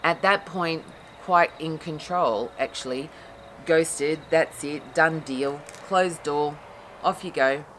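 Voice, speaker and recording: A woman's voice: deep voice, takes it slowly, a little hiss or hum, rough recording. A woman, a therapist giving a casual, blunt explanatory talk that acts out the outbursts she describes. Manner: animated, acts out quoted outbursts, blunt with mild swearing.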